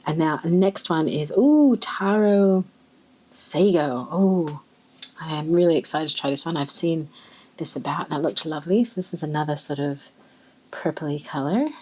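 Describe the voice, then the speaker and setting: A soft-voiced Australian woman chats as she swatches inks, musing aloud and exclaiming quietly over each color. Her voice sits a little low and has a husky, breathy edge. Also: a little fast, poor audio. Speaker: ink swatching vlogger. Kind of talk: casual chat while swatching.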